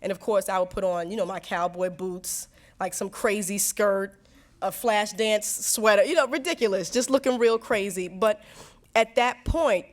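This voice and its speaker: A young woman answering students' questions in a candid talk, animated and laughing, acting out quotes as she tells stories. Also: mid-range voice, moderate pace. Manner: animated storytelling, acts out quotes; warm, frequent laughs and restarts.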